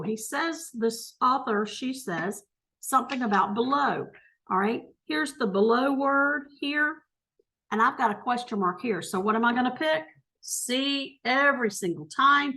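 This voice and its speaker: A woman's voice: a little high, fairly bright tone. A woman teacher thinking aloud as she works through test questions, correcting herself and talking through each step.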